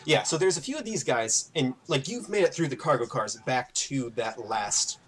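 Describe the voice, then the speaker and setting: A man running a tabletop game as game master, narrating and explaining in a relaxed way with many fillers. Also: medium pitch, moderate pace.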